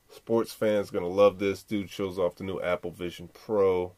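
A man's voice: low-pitched, darkish tone. A man hosting a podcast, giving laid-back, slangy reaction commentary full of swearing and asides. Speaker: podcast host.

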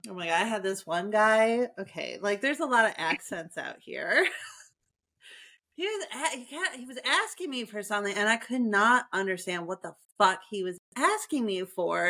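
A woman in her thirties from the Chicago suburbs, co-hosting a casual podcast. Her voice is bright and forceful, and she tells animated stories full of swearing and filler "like"s. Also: mid-range voice, moderate pace. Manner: profane, animated storytelling with many "like"s. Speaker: podcast co-host. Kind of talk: casual chat.

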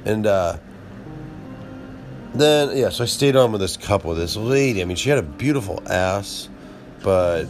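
A man's voice: fairly low pitch, expressive, unhurried, soft background music. A man in his thirties talking in a rambling solo monologue, profane and interrupting himself constantly.

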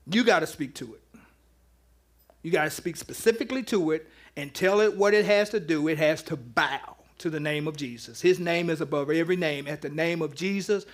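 A high-voiced pastor preaches in church, giving an interactive sermon in a loose, conversational way and teasing the congregation between points. He keeps things informal even while making his case.

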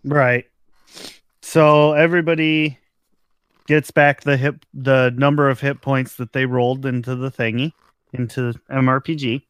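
A man runs a tabletop game in a slow, easygoing way. His voice sits in a medium range and sounds dry and close. He laughs often and fills pauses with ums. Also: medium pitch, level tone, fairly bright tone, smooth, no room sound. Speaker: game master.

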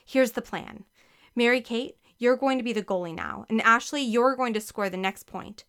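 A woman voicing a bold, playful young babysitter who talks briskly and bosses the kids around in a storybook reading. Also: on the high side, a bit bright, clear, resonant tone. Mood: pumped up.

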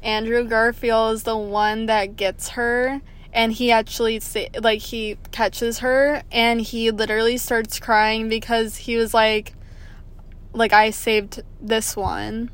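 A woman chatting casually about a film, chatty and animated, full of fillers. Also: a little high, takes it slowly, clear, resonant tone. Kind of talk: casual movie review chat.

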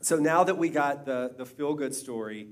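A middle-aged man talks easily at a church gathering and trades stories with his daughters. His speech is relaxed and chatty, full of small restarts. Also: mid-range voice, normal speed.

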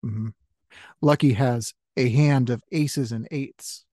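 A man's voice: mid-range voice, slow pace, mellow, no room sound, clean studio sound. A man hosting a comedy improv game, joking and laughing often between lines. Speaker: host of a comedy game show.

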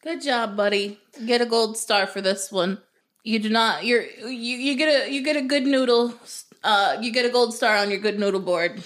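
A woman's voice: fairly high pitch, moderate pace, fairly bright tone. A woman co-hosting a casual chat, teasing and giggling as she chimes in with jokes. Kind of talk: casual movie recap chat.

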